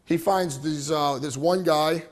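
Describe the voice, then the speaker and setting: A middle-aged man giving an animated storytelling presentation to a live audience, often checking in with "right?". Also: on the high side, unhurried. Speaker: motivational speaker.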